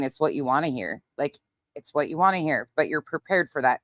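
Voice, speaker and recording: Low-voiced woman telling a wild story. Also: a little fast, dry recording, clean studio sound. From Montana. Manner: profane, animated storyteller. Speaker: livestream host reading chat. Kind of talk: casual storytelling chat.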